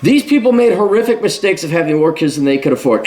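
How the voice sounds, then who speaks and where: A middle-aged commentary host with a slightly high, sing-song, darkish voice rants fairly quickly as he reads an article and reacts to it. His tone is sarcastic and mocking, and he throws in mimicking asides.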